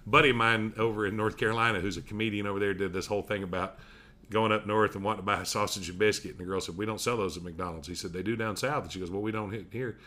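Man, Southern accent, middle-aged, folksy, animated storyteller. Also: on the low side, racing. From Tennessee, US. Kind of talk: casual storytelling chat.

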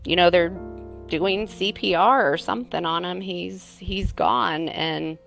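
Woman interviewee, lowish voice, earnest and halting recollection, faint music underneath. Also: creaky, fairly bright tone. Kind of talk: personal recollection.

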